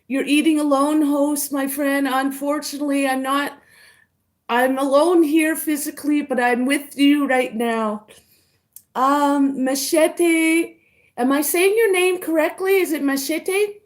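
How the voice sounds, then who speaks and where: Woman, livestream eating chat, high voice, unhurried, greets viewers by name, savoring bites. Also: fairly even intonation. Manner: slow, chewing, savoring food with murmurs. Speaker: mukbang vlogger.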